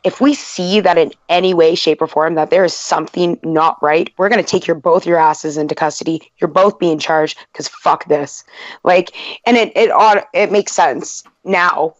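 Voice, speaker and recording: A woman's voice: lowish voice, moderate pace, no room sound. Candid woman sharing a serious story. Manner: candid, earnest personal account with fillers. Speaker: podcast guest. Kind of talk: casual chat. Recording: dry, dull lo-fi podcast audio.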